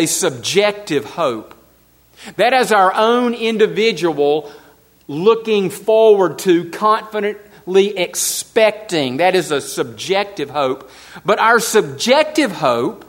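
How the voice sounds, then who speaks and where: A man's voice: high-pitched, fairly bright tone. A man preaching a sermon to his congregation, repeating key phrases for emphasis and asking his listeners questions. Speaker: pastor.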